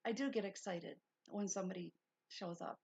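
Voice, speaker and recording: A woman's voice: medium pitch, normal speed, creaky, darkish tone, husky, highs cut off. A woman hosting a casual livestream lesson, reading notes aloud and breaking off into chatty asides. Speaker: livestream host.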